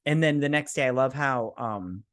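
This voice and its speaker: A man's voice: medium pitch, normal speed. A man co-hosting a casual movie review chat. He rambles, swears and keeps breaking into quotes from scenes. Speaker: co-host of a movie review show.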